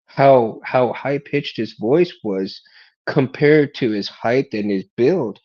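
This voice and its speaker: A man's voice: mid-range voice, slow pace, breathy edge, dull audio. A man hosting a casual chat, rambling, repeating his words and laughing often. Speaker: host.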